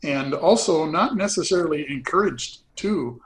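Older guy, retired pastor, folksy storyteller, chuckles a lot, voice a bit high. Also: expressive, normal speed, rough recording. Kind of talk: casual conversation.

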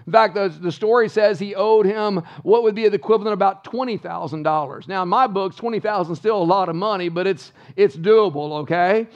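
A male pastor preaches an emphatic sermon in church and keeps asking the congregation rhetorical questions. His voice sits high for a man and has a gravelly fry. The recording sounds somewhat dull and lo-fi. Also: fairly quick, hardly any pauses.

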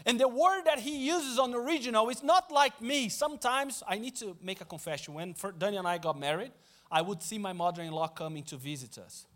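High-voiced man preaching. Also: brisk. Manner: animated, swings from loud to hushed, repeats phrases. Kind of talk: sermon.

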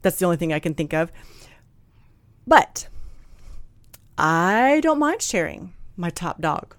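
A woman telling a personal story in a candid, blunt, animated way, acting out what people said. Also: lowish voice, slow pace, no echo. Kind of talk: casual storytelling chat.

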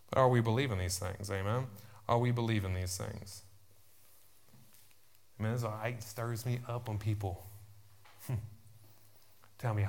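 A man's voice: on the low side, fairly even intonation, unhurried, creaky, pauses often. A man preaching a fervent sermon, repeating himself and calling out amen and church. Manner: fervent, repetitive preaching with many amens.

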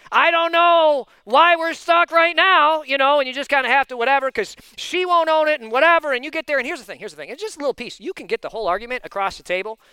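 A man preaching a sermon, telling a personal story in an animated, chatty way, full of asides and sudden loud bursts. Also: extremely high pitch, no room sound. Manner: animated and intense, given to loud outbursts. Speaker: pastor.

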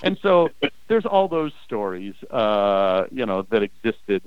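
An older man and former game show host, telling animated anecdotes in a casual interview, often acting out quoted voices. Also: lowish voice, brisk, rough recording.

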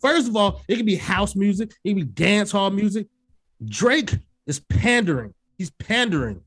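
Animated woman ranting on a podcast. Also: moderate pace, breathy edge. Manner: animated and emphatic, profane, acts out her own reactions in sudden high yelps. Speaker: podcast co-host. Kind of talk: casual music review chat.

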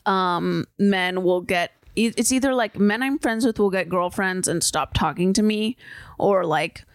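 A woman's voice: mid-range voice, a little slow, dry recording, clean studio sound. A young woman co-hosting a podcast in casual, rambling chat, laughing often and saying "like" a lot. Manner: giggly, rambling, full of "like". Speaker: podcast co-host.

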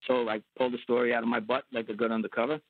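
A man from New York telling a story as an interview guest, animated and acting out the voices of other people. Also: mid-range voice, racing, breathy edge. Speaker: guest, former undercover agent. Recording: tinny phone-like line.

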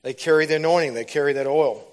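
A man's voice: on the high side, fast. A man giving a sermon, telling a personal testimony that builds into fervent preaching. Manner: storytelling, rises to loud fervent preaching.

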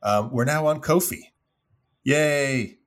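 A man's voice: medium pitch, slow pace. A man hosting a podcast, reading announcements in an easygoing way with frequent fillers. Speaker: podcast host. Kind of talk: casual chat, reading announcements.

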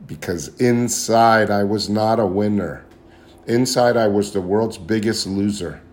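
A man's voice: fairly low pitch, darkish tone. A man telling his own recovery story in an earnest, confessional way, often repeating phrases as he searches for words. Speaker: speaker sharing recovery story. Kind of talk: personal testimony talk.

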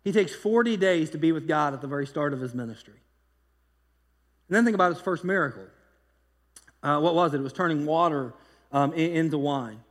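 A pastor preaching a sermon in a loose, conversational way, telling stories with lively energy and frequent restarts. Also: male voice, fairly high pitch, fairly quick, long pauses, in a large hall. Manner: conversational, animated storytelling with repeated restarts.

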